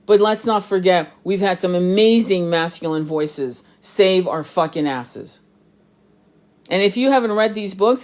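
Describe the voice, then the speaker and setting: A woman tarot reader speaking off the cuff to camera, blunt and emphatic, swearing often and restarting her sentences. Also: mid-range voice. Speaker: tarot reader and spiritual commentator. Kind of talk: unscripted rant to camera.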